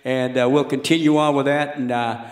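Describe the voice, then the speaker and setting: Relaxed, chatty male comedian. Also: mid-range voice, moderate pace, reverberant, slight background noise. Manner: chatty and relaxed, with small fillers. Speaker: radio comedian guest. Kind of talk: casual talk to a live audience.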